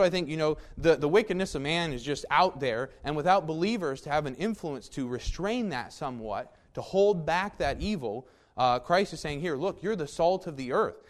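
Guy preaching a sermon, kinda high voice, folksy and emphatic, keeps asking the folks "right?". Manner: folksy, emphatic, with asides to the congregation.

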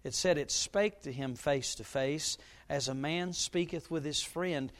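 An unhurried middle-aged pastor, his voice pitched on the high side, delivers a sermon in church and weaves in a story. Now and then he suddenly gets loud.

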